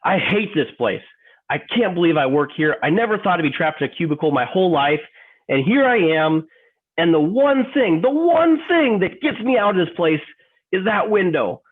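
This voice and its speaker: A man playing an emotional office worker in a training role-play, stammering, repeating himself and apologizing over and over. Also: on the high side. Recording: tinny phone-like line.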